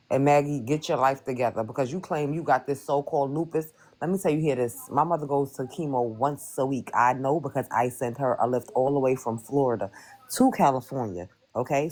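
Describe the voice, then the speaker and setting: Woman guest, deep and mellow voice, emphatic scolding delivery. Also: low-quality recording. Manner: scolding, emphatic, ends points with "okay?". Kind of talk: casual livestream rant.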